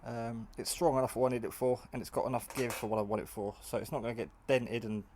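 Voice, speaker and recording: A man's voice: mid-range voice, level tone, quick pace, darkish tone. A tired man in a casual home-build vlog, talking in a rambling, chatty way with many fillers while he works. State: tired, half asleep. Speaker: hobbyist maker. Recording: faint background noise and clicks.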